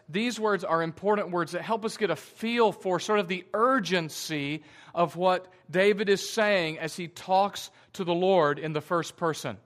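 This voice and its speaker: A man preaching a sermon as pastor, reading scripture slowly and deliberately and explaining it earnestly. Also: on the high side, a bit bright. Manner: slow, deliberate reading that stretches key words.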